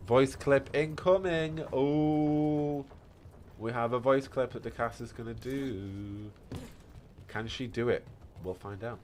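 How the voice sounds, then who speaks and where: A man's voice: medium pitch, slow, a little mellow, a little hiss or hum. A British man streaming a game, chatting playfully and answering his chat as he goes. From Britain. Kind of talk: casual chat while gaming.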